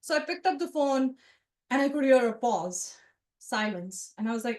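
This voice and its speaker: A female storyteller in her forties recounts a personal memory to a live audience in an event room, speaking in an animated, familiar, conversational way with asides to the listeners. Her voice sits fairly high and moves at normal speed, and the room gives off a marked, reverberant echo.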